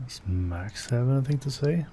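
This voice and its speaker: A man casually commenting while playing a game, slow and hesitant, mumbling his thoughts. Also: medium pitch, animated, warm tone, slight background noise. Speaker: let's play gamer.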